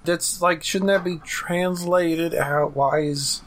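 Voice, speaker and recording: A podcast co-host chatting casually, tossing in quick reactions and musing questions. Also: mid-range voice, fairly even intonation, slight background noise.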